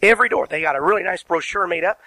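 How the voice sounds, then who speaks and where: A man preaching from the pulpit with a bright, forceful voice pitched a little high. He presses his points hard, throws questions at the congregation and spells out key words letter by letter. The sound is close and dry. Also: racing, no room sound, low-quality recording. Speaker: pastor. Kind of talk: sermon. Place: church sanctuary.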